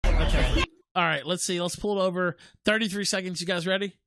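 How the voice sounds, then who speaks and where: A man's voice: sits high, fairly quick, pushed and bright, a little hiss or hum. A man hosting a casual livestream, chatting with co-hosts and reading viewer comments aloud. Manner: reads viewer chat aloud, laid-back. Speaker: livestream host.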